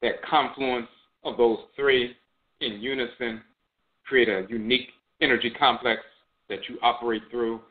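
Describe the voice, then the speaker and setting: A man giving a measured spiritual lecture, often repeating phrases and trailing off with "and so forth". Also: mid-range voice, fairly even intonation. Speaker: host and spiritual teacher. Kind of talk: spoken lecture on spiritual tradition. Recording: tinny phone-like sound.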